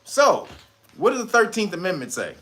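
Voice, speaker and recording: A man's voice: high voice, huge pitch swings, normal speed, fairly bright tone. A man hosting a casual livestream, talking in profane street slang, laughing often and answering his viewers' chat. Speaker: livestream host.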